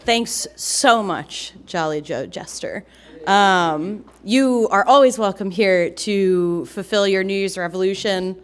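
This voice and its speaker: Woman host, open mic, playful and casual, mid pitch. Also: slow pace. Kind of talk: introducing performers.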